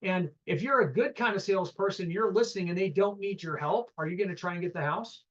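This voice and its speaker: A man's voice: high voice, fast, a bit bright, highs cut off. A man teaching a live real estate seminar, telling stories and acting out both sides of phone calls, often asking the room questions.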